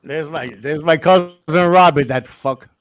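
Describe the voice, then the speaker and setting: A man's voice: a little high, a little slow, a crowd in the background. A man speaking as a guest in a casual chat, blunt and profane, often chiming in.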